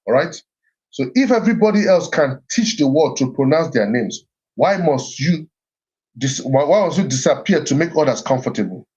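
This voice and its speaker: A man's voice: fairly high pitch, darkish tone, muffled recording. A middle-aged man from Nigeria hosting a live stream, speaking earnestly with frequent restarts and repeats. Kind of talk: motivational live-stream talk.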